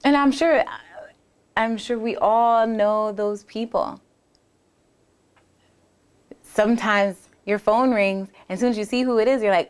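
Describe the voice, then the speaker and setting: A podcast-hosting bodywork therapist speaks at a measured pace in a voice on the high side. Talking on her own, she's earnest and reflective, acting out inner voices and restarting often.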